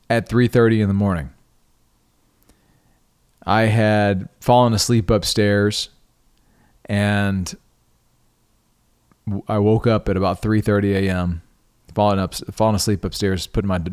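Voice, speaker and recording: A middle-aged podcast host tells a personal story conversationally, often restarting and repeating words and growing animated when he quotes himself. His clear, resonant voice is fairly low, with a measured pace and long pauses.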